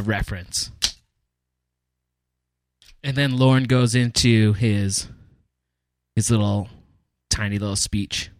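A man's voice: medium pitch, no room sound. Rambling man on a dry close mic. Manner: rambling, thoughtful, many fillers. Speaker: podcast co-host. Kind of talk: casual chat.

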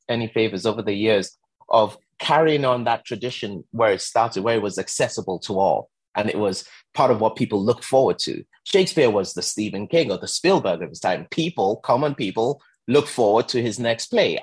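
A man, an actor, speaking in a conversational interview about his work, an animated storyteller who leans into his phrases. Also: mid-range voice, a little fast, slightly rough, no room sound. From England. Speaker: actor and guest.

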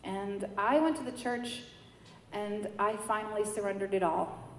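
A woman from New York giving a personal faith testimony, telling her story with animated quoted voices. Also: mid-range voice, unhurried. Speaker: testimony speaker. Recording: echoey hall with light noise.

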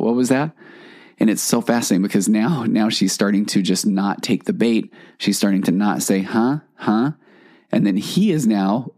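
A man's voice: on the low side, warm tone. A man hosting a solo podcast, explaining in a conversational way and acting out examples from his clients. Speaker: podcast host and counselor.

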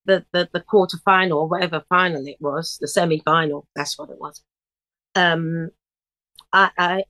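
A middle-aged woman telling stories in a casual interview, lively, breaking into bits of song. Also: medium pitch, dry recording, poor audio. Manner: animated storyteller, bursts into snatches of song. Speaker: guest singer.

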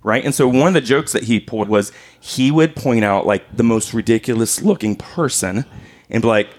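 A man's voice: mid-range voice, moderate pace. A man in his forties hosting a podcast, telling family stories with lots of laughter. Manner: animated storyteller, acts out quotes and laughs. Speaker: podcast host. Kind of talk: casual conversation.

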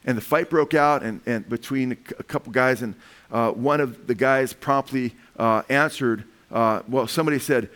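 A middle-aged man preaching about world events, talking in a rambling, animated way with frequent restarts. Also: mid-range voice, normal speed. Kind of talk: sermon with commentary.

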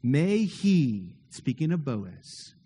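A man's voice: medium pitch, big pitch swings, extremely slow, dark tone, husky. A man preaching a sermon as pastor, earnest and emphatic, building his points with repeated phrases and rhetorical questions. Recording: long reverb of a large hall.

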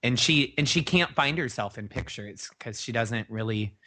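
A man co-hosting a podcast, chatting casually in a relaxed way with hesitant restarts. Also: mid-range voice, moderate pace. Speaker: podcast co-host. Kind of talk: casual chat.

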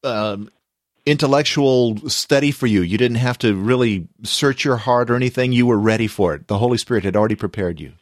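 Soft-spoken male interview host. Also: mid-range voice, fairly quick, no room sound, studio quality. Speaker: radio show host.

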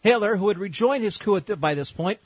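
Husky sarcastic male storyteller. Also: high voice, lively intonation, fast talker, dry recording, poor audio. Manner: sarcastic, irreverent asides. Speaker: podcast host. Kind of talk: comedic history storytelling.

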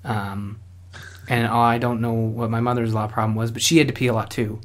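A man's voice: mid-range voice, little pitch movement, normal speed. Young Canadian man, Canadian accent, chatty rambling storyteller. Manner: rambling storyteller, lots of restarts and fillers. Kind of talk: casual chat.

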